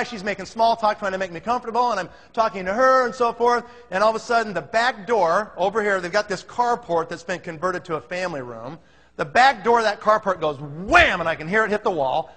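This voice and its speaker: Animated storyteller, man, high voice, bright tone, long reverb of a big hall. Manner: animated, acts out the other voices. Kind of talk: comic storytelling.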